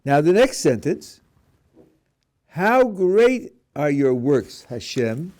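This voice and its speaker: Male rabbi lecturing, lively pitch, warm mellow tone, restarts words, asks students questions. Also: takes it slowly. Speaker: rabbi teaching a class. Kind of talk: lecture on prayer.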